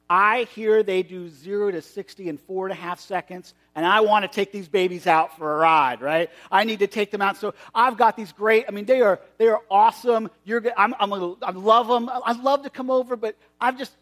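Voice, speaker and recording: A man voicing an excitable young man who rambles and stumbles while bragging about his new oxen to dodge an invitation. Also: high-pitched, moderate pace. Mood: boastful, excited. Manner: boastful, rambling, stumbling over excuses.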